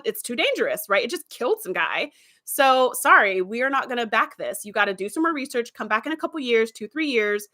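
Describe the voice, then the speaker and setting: A woman hosting a show, casually retelling an episode in a chatty, animated way with plenty of fillers. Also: fairly high pitch. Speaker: host.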